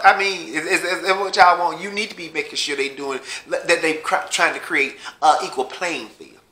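A man's voice: fairly high pitch, sharp tone, echoey room. A man in a blunt, heated political rant, cursing heavily and mocking his listeners. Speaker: vlogger.

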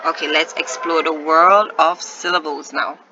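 A woman teaching a phonics lesson, slowly sounding out letters and asking her young pupils questions. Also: deep voice, steady tone, highs cut off, background noise. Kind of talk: recorded online phonics lesson.

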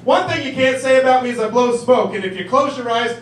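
A man's voice: very high-pitched, fast, slight background noise. A man playing a cheesy hotel ballroom emcee with smarmy showbiz patter in a stand-up bit. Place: small comedy club. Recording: echoey club from far off, crowd laughing.

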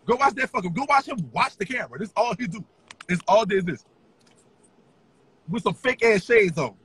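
A man with a very high, bright voice and a heavily husky, raspy edge, ranting on a livestream. His pitch swings widely as he taunts and chants in a sing-song way. He curses freely and breaks into shouts. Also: animated, moderate pace, rough recording. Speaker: social media personality.

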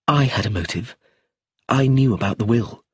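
A man's voice: mid-range voice, moderate pace, breathy edge, dry recording, clean studio sound. A man reading an audiobook, voicing a composed, firm young woman in a slightly raised voice. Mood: troubled. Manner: calm, firm.

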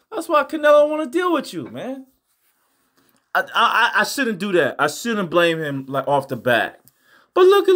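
A young man with a high voice hosts his boxing channel in loose reaction commentary. He swears freely, stumbles and repeats himself, and swings between exasperation and laughter. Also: bright, forceful tone. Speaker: host of a boxing news channel.

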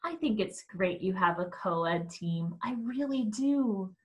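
A woman's voice: mid-range voice, expressive, takes it slowly, lo-fi sound. A woman reading aloud, voicing a polite, eager middle-aged mother in a storybook. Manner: polite, encouraging.

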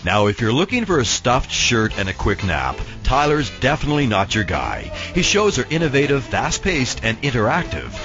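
A man's voice: medium pitch, huge pitch swings, moderate pace, hardly any pauses. A man reading a scripted promotional voice-over in an upbeat, persuasive way. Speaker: promo announcer. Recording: dull lo-fi with music bed.

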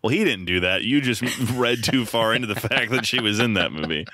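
A man's voice: on the low side, expressive, fairly quick, sharp tone. A man co-hosting a casual film podcast, chatting and reading out a plot summary. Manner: conversational, reads plot summary aloud. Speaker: podcast co-host.

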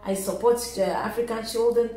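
A woman voicing a rude male shopkeeper who shouts and repeats himself. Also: on the high side, fairly even intonation, normal speed, natural voice. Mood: apologetic. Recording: echoey room with faint music.

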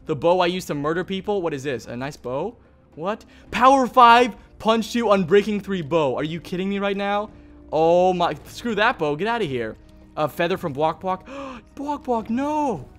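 An excitable man with a fairly high voice narrates his game as he plays. He talks in a chatty, think-aloud way, hosting a let's play video. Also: moderate pace, faint music behind. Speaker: gaming video host.

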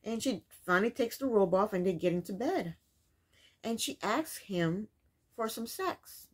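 Husky-voiced woman recapping a show. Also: medium pitch, expressive, measured pace. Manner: incredulous, opinionated commentary with rhetorical questions. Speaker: reality TV recap vlogger. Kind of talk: casual spoken episode recap.

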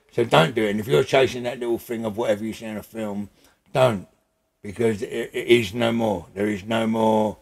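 An older man, gravelly and husky, speaking bluntly and emphatically in a casual interview at his home, swearing freely. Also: on the low side. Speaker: interview guest.

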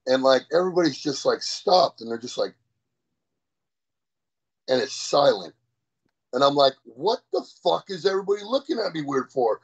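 A man with a gravelly, husky voice tells a story in a casual interview, animated and full of swearing. The sound is dull and lo-fi. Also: on the high side, normal speed, pauses often. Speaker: powerlifter guest.

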